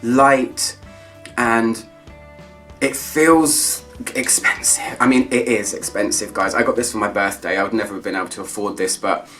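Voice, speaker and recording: A man's voice: lowish voice, fairly even intonation, fairly quick, fairly bright tone, distant mic, faint music behind. A man reviewing perfumes in a casual, enthusiastic chat, drawing out his descriptive words. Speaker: fragrance reviewer.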